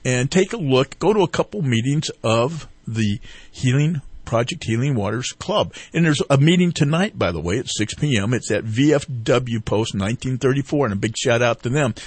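A man's voice: medium pitch, animated, normal speed, few pauses, a little mellow, husky, no echo. Earnest rambling man on a talk show. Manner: rambling storyteller who retells others' words. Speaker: veteran guest promoting a fishing group. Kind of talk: casual talk-radio interview.

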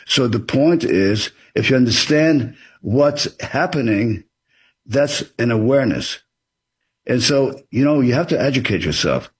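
A man's voice: medium pitch, lively intonation, a little slow, breathy edge. A man being interviewed as an author, explaining things in an earnest, advisory way. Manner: earnest and advisory, acts out example dialogue.

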